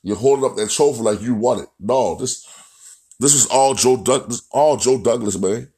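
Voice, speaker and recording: A man's voice: mid-range voice, normal speed, mellow, slightly rough. A man ranting bluntly and profanely about football, repeating himself as he goes. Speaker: football commentator. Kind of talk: profane sports rant.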